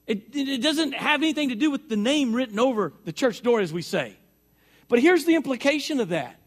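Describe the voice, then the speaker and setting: A man's voice: very high-pitched, expressive, fairly quick. A man preaching a sermon to his church in a conversational way, often repeating words and lifting his voice for emphasis as he walks around with a mic. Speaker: pastor. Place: church sanctuary.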